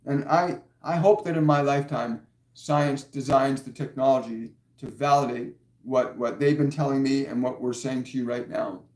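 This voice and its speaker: A man's voice: mid-range voice, a little mellow, echoey room. A man giving a live-streamed spiritual talk as a medium, answering viewer questions in an earnest, insistent way and repeating key words for stress.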